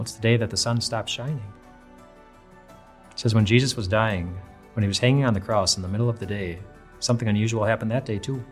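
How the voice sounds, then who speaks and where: A man with a fairly low voice preaches a daily devotional in an earnest, conversational way. He often restarts his phrases as he goes. Soft music plays faintly behind him. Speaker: pastor. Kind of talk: devotional sermon.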